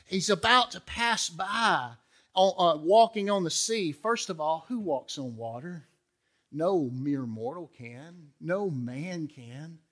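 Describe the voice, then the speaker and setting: A male pastor preaching a sermon in a conversational way, acting out the quotes in character voices. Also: sits high.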